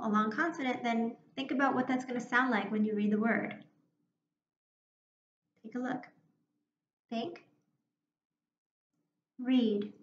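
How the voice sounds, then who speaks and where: A woman teacher giving a phonics lesson to young children, speaking slowly and clearly with encouragement. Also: fairly high pitch, a bit bright. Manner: slow, clear, encouraging classroom delivery. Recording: roomy, dull lo-fi classroom recording with faint noise.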